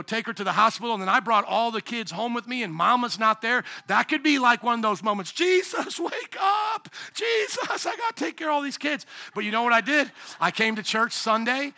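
Middle-aged male pastor, lively sermon delivery, high voice with a very bright edge. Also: gravelly. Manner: animated, shouting at peaks, acts out voices. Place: church sanctuary.

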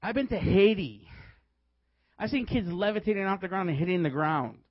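Man preaching with animated storytelling. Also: sits high, normal speed, no room sound, highs cut off. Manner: lively, laughs often while telling stories. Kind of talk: sermon with storytelling.

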